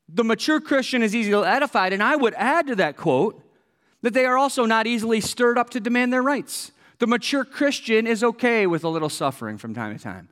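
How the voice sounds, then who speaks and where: A man's voice: sits high, a bit bright, long reverb tail. A man preaching a sermon as pastor, earnest, repeating key phrases for emphasis, with wry asides.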